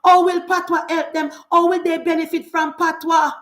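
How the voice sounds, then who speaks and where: A woman's voice: very high voice, little pitch movement, normal speed, roomy sound. A Jamaican woman in her forties giving a fiery, opinionated political monologue, full of repeated lines and rhetorical questions. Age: 40s. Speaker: political commentator.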